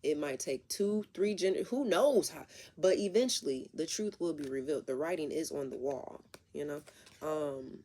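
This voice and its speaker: A woman's voice: sits low, expressive, normal speed, dark tone. A woman doing a casual tarot reading who rambles and talks straight to her viewers. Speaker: tarot reader.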